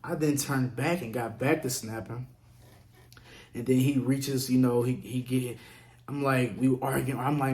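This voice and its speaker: A man casually telling a story on his vlog, profane and animated, acting out what others said. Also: mid-range voice, normal speed. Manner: profane, animated, acts out quotes. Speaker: vlogger.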